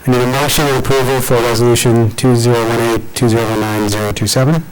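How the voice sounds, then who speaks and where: A man's voice: medium pitch, flat delivery, quick pace, a little hiss or hum, low-quality recording. A man chairing a school board meeting, running procedure in a casual, joking manner.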